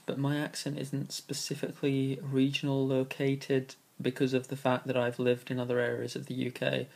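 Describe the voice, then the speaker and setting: A man's voice: medium pitch, vocal fry, darkish tone, a little hiss or hum. Dry, sarcastic young man from southeast England. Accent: southeast English. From Kingston upon Thames, England. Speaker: vlogger. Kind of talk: casual answers to a question tag.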